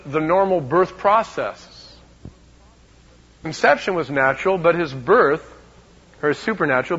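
A man's voice: fairly high pitch, breathy edge. Emphatic preaching man, muffled recording. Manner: emphatic, shifts between loud and hushed; repeats words as he talks. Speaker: pastor. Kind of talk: sermon.

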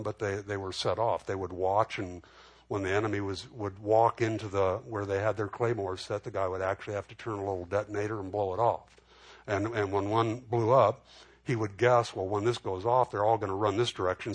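A man preaching a sermon in a conversational way, often restarting and repeating words. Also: fairly low pitch. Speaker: pastor.

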